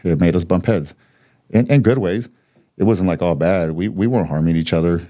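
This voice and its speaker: A man in his thirties from the United States speaks in a low, warm voice at a slightly quick pace. He's a podcast guest telling his story candidly, blunt and swearing freely, laughing between points.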